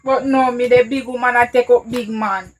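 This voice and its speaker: Brief: actress as jilted young Jamaican woman, fairly high voice, downcast. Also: steady tone, moderate pace, slight background noise, natural voice. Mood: upset. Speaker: actor in a film. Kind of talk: patois film dialogue.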